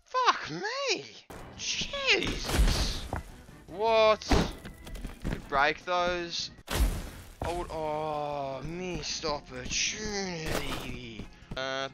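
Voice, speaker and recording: A man with an Australian accent giving sweary gameplay commentary, excitable and yelling at enemies. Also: a little high, slow pace, very noisy. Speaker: gaming video host. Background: loud game music.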